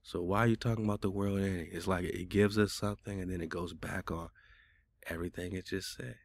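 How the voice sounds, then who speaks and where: A man's voice: low voice, fairly even intonation, brisk, creaky. A man hosting a casual radio talk show, arguing back in loose, colloquial speech. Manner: argumentative, colloquial, talks back at a chatbot.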